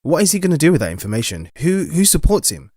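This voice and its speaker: A man's voice: fairly high pitch, sing-song, quick pace, darkish tone, no echo, clean studio sound. A man playing a tabletop game in character, questioning the group with skeptical earnestness. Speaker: player.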